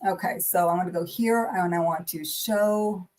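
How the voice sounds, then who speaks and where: A woman's voice: on the low side, normal speed, a little mellow, a little hiss or hum, rough recording. A woman hosting a casual livestream of spiritual readings, chatting in an upbeat, easily delighted way.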